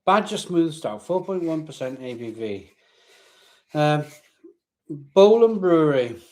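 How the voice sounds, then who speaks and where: Male streamer, slightly high voice, loose chatty delivery that doubles back on itself, talking into a laptop webcam at home. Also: sing-song, slow pace, darkish tone. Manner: chatty, repeats himself, talks to viewers. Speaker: beer reviewer livestream host. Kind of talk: casual live-stream chat.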